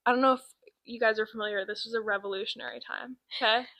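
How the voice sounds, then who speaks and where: Nineteen-year-old podcast co-host, high-ish bright voice, animated storyteller. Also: female voice, fast, no echo, low-quality recording. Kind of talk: casual chat, storytelling.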